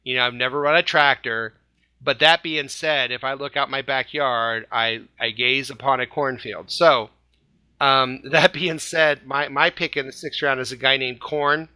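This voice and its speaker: A man hosting a fan podcast, his voice bright and fairly high, close-miked in a dry room. He talks casually, cracks puns and laughs often. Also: steady tone, measured pace, clean tone, no room sound. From Indiana, USA. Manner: jokey, playful, laughs often. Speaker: podcast co-host.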